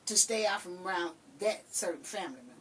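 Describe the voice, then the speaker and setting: An older woman hosting a casual chat, telling stories in an animated way and acting out what people said. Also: lowish voice, fast talker, distant mic, slight background noise. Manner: animated storyteller who acts out quotes. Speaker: podcast host.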